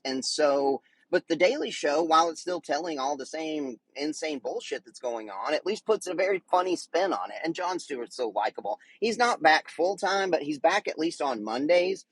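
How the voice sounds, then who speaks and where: A man's voice: a little high, a bit bright, breathy edge, no room sound, poor audio. A man hosting a casual solo sports podcast, talking in an enthusiastic, rambling way with many fillers and restarts.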